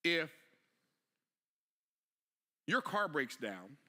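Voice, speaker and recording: A man delivers a motivational sermon in a bright, forward voice. He keeps putting rhetorical questions to his listeners and talks in plain, everyday speech. He drops to a hush, then builds up to a forceful climax. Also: fairly high pitch, big pitch swings, extremely slow. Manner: rhetorical questions, swings between quiet and emphatic; casual vernacular delivery. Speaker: preacher.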